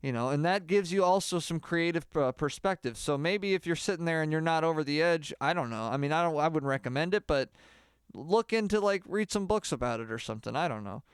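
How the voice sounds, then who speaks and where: A man giving a deadpan mock singing lesson, rambling and halting with lots of filler words. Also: fairly high pitch, clear, resonant tone, dry recording, studio quality. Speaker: comedy mock singing teacher.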